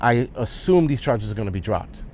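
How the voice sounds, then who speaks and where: A man's voice: mid-range voice, animated, a little fast, a little mellow, a little hiss or hum. A man ranting as a vlogger, blunt and heated, swearing often. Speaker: prepper vlogger. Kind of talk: angry opinion rant.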